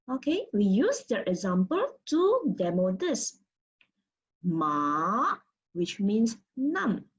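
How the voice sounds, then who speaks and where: Woman from malaysia teaching chinese tones, talks real slow, muffled lo-fi audio. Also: fairly high pitch. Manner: slow, patient explaining with sung-out example syllables. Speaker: Mandarin teacher. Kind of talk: recorded pronunciation lesson. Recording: dull lo-fi audio.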